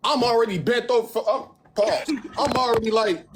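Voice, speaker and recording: A man's voice: very high voice, moderate pace, background noise. A young man hosting a livestream on his phone, telling a story casually, with lots of swearing, and mimicking other people's lines in mocking voices. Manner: animated, profane storytelling, acting out others' lines in mocking tones. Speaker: livestream host.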